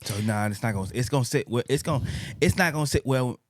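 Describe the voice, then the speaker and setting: A man's voice: mid-range voice, quick pace, dry recording. A man in a casual chat, talking reflectively and searching for his words.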